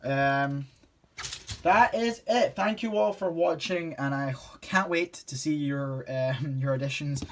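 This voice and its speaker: A man's voice: a little high, slow, a little hiss or hum. A man giving a casual fan casting call, rambling and hesitant, with many ums and restarts. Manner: relaxed and informal, with light laughs.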